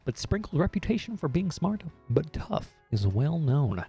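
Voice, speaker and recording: A young man reading a game aloud on stream, breaking off into crude jokes and self-mocking remarks. His voice is gravelly and swings up and down, with faint guitar music behind. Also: on the high side, big pitch swings, brisk, darkish tone. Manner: jokey, swears, self-mocking asides.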